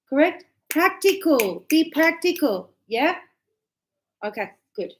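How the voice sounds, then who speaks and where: A middle-aged woman teaching an English class, lively and chatty, acting out short example dialogues for her students. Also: high voice, a little slow, pauses often, rough recording. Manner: animated, acts out little example dialogues.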